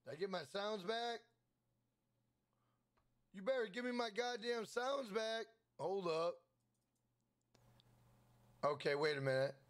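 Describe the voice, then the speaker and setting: Male game streamer, high voice, energetic chat shout-outs. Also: slow pace, pauses often. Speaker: gaming livestream host. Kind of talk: casual livestream chat.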